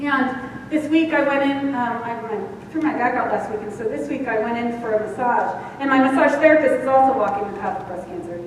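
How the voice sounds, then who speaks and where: A woman minister with a high voice preaches her sermon frankly and pokes fun at herself along the way. She is picked up from far off in a big church hall, so a long echo trails every sentence. A faint hiss sits under the whole recording. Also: brisk. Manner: candid and self-mocking, laughs at herself. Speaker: senior minister. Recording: echoey hall, distant mic, faint hiss.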